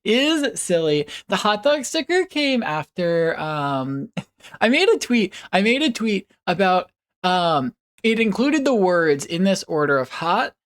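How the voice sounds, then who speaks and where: A woman's voice: medium pitch, sing-song, slow. A woman streamer chatting casually with her viewers, rambling and giggling, with playful puppy noises.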